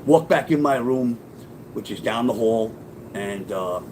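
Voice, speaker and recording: In this casual spoken memoir, a middle-aged man with a medium-pitched voice takes his time telling a profane personal story. He's animated, performing the quoted voices himself, though the audio is poor and carries slight background noise.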